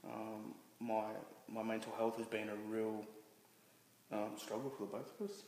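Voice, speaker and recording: Low-voiced man in an echoey room. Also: flat delivery, darkish tone. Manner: halting, frequent restarts and "you know" fillers. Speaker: interview guest. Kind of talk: candid personal storytelling. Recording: roomy reverberant room with faint noise.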